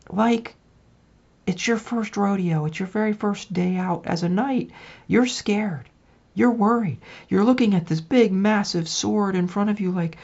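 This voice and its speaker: A woman talks through a spiritual tarot reading in a loose, chatty way, often turning to the listener to check they follow. Her voice has a gravelly, husky edge and sits at an ordinary pitch. The recording is dull and lo-fi. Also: darkish tone. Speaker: tarot reader.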